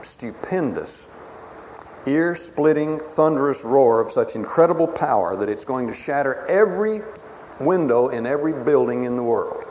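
A man preaching a sermon in a dramatic, emphatic way, swinging between booming declarations and hushed pleas. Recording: reverberant hall with faint ambient noise.

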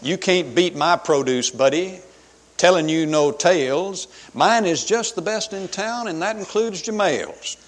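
A man's voice: high-pitched, measured pace, pitched above the performer's own voice. A man voicing Cain as a boastful, brash farmer, reciting his lines in a sing-song rhyming brag. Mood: bragging. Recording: long hall reverb.

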